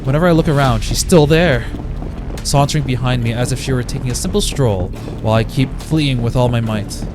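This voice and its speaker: A man's voice: medium pitch, a little fast. A man reading a visual novel aloud in a dramatic voice, breaking off with laughing reactions, game music behind him. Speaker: let's play streamer.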